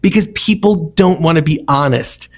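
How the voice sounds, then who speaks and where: Man telling restaurant stories, slightly high voice. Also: moderate pace. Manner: storytelling, animated quoting of others. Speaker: restaurant feedback company founder. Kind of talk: casual podcast conversation.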